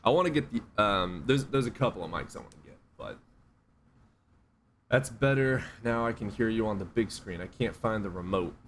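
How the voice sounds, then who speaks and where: A man's voice: lowish voice, moderate pace, slight background noise. A man doing casual, blunt livestream commentary on a desk USB microphone, sarcastic and profane. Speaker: streamer.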